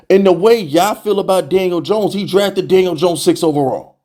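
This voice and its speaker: A young man hosts a fan rant in a voice that is a touch high yet warm and mellow. He talks in an exasperated, animated way, firing rhetorical questions and hammering the same jab again and again. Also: normal speed. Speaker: sports fan channel host. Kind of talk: heated fan rant to camera.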